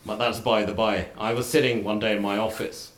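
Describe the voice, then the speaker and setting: Measured man, low voice, roomy hall. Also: level tone. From United Kingdom. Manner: measured, deliberate delivery in short phrases; wry anecdotal humour. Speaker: guest lecturer. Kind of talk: formal public lecture. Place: lecture hall.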